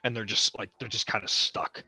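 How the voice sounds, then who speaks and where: Bright-voiced man running a horror game. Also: lowish voice, steady tone, brisk, gravelly, breathy edge, dry recording. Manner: vivid, dramatic scene-setting. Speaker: game master. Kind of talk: narrating a tabletop horror game.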